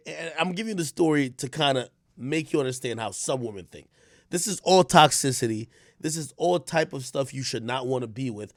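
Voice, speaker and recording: A young man in casual reaction commentary, telling stories with lots of fillers and sudden bursts of shouting. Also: mid-range voice, a little fast, no room sound, clean studio sound. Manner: animated storytelling with frequent fillers, bursts of shouting. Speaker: streamer commentator.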